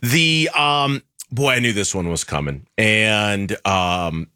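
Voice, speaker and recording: A man's voice: on the low side, slow, bright, forceful tone, smooth, dry recording, studio quality. A man hosting a sports talk radio show, joking with callers and running a contest. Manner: playful, runs the contest.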